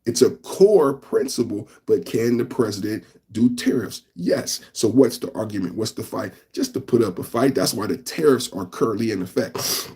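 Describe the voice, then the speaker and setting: A man's voice: lowish voice, lively intonation, normal speed, dark tone, breathy edge. A man hosting a live news reaction podcast, rambling and talking straight to his chat, repeating phrases and tacking on "man.". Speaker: podcast host.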